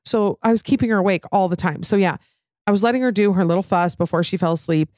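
A woman's voice: medium pitch, fast, darkish tone, no echo, studio quality. A young adult woman hosting a casual, candid chat, rambling with many fillers and frank swearing.

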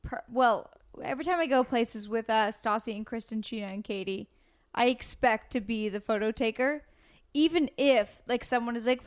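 A woman's voice: fairly high pitch, normal speed. Chatty self-deprecating woman comedian. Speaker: comedian guest. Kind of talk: casual chat.

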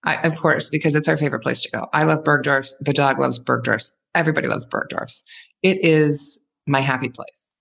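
A man's voice: fairly high pitch, steady tone, a little fast, creaky, a bit bright. A man co-hosting a podcast, telling campy, gossipy stories in casual chat. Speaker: podcast co-host, stylist.

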